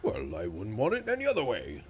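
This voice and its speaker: A young man plays a tabletop game, answering casually and stopping now and then to think. His voice has a medium pitch but moves widely, and faint music runs underneath. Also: huge pitch swings, fairly quick. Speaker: player.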